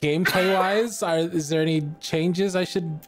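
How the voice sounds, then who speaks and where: A player chatting casually after a game session, relaxed and quick to laugh. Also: mid-range voice. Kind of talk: casual post-session chat. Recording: faint music behind the voice.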